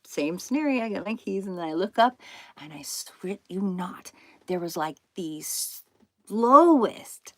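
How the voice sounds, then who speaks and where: A woman in her fifties hosts a casual spiritual livestream, chatting straight to her viewers. She tells her stories in an animated, chatty way, laughing and swearing along the way. Her voice sits at an ordinary middle pitch, and the recording is dry and close, with no room echo. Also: a little slow. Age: 50s. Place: indoors at home, in an RV.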